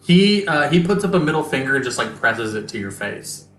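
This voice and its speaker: Brief: animated game master narrating, bright tone, echoey room. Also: mid-range voice, a little fast, faint music behind.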